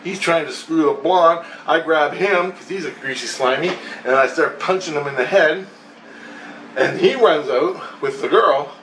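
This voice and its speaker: Far from the microphone, amid roomy echo and a faint hiss, a man with a fairly high, fairly bright voice recounts a dream for his vlog. His long telling is rambling and foul-mouthed at a moderate pace, punctuated by laughter between phrases.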